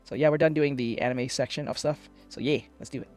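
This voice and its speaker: A man hosting a reaction channel, talking casually in an excitable, rambling way and swearing a lot. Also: mid-range voice, quick pace, faint music behind.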